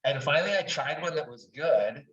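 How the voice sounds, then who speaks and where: A man's voice: on the high side, expressive, normal speed, fairly bright tone. A middle-aged man talking as a guest in a casual interview, candid and enthusiastic, swearing freely. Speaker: guest, wine writer. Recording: distant, roomy, dull audio.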